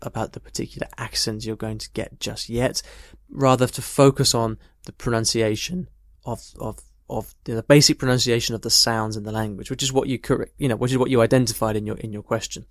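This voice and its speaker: A man's voice: medium pitch, fairly even intonation, a little fast, hardly any pauses, dry recording. A man talks through a language question like an English teacher, thoughtful and conversational, with personal stories along the way. His voice sits in a middle register. The sound is close and dry, with no room around it. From United Kingdom. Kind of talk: casual explanatory talk answering a question.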